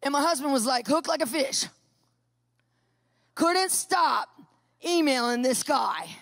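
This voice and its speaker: A woman telling a personal story in a sermon, lively and animated, acting out what people said. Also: high-pitched, takes it slowly, dry recording. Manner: lively, animated storyteller who acts out quotes. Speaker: Christian speaker.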